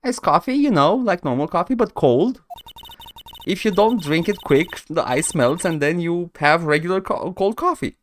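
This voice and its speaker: A man doing a shrill, bratty young woman witness. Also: expressive, moderate pace, a little hiss or hum, lightly acted. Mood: airy. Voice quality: high, pouting, sing-song. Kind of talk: reading game dialogue aloud on stream.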